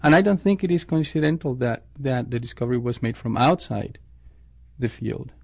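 A man's voice: mid-range voice, lively intonation, moderate pace, creaky, no room sound. A man, a scientist, answering interview questions thoughtfully, often restarting his sentences. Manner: thoughtful, with frequent restarts and self-corrections.

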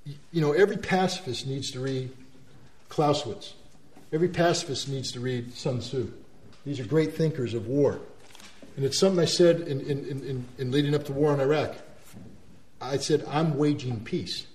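A man giving an animated talk to an audience, emphatic and quick to mimic the people he describes. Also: mid-range voice. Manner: animated, emphatic, repeats words, mimics others' voices. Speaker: speaker. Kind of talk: speech to an audience. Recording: roomy echo.

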